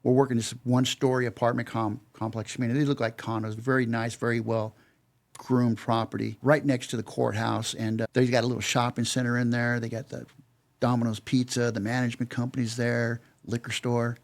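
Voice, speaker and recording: A man's voice: medium pitch, flat delivery, brisk, gravelly. An older man telling a story as a podcast guest, plain-spoken and acting out both sides of past conversations. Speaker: podcast guest, security veteran. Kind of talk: casual storytelling.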